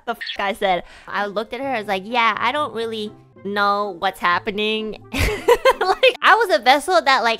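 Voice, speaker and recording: Bright-voiced young woman telling a flustered story. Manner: rambling, flustered, bursts of high laughter. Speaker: VTuber streamer. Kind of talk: casual storytelling chat.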